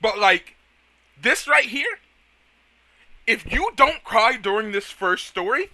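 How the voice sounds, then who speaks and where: A man hosting a casual let's play, talking in an excitable, rambling, self-mocking way. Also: high-pitched, takes it slowly, dry recording. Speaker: gaming video host.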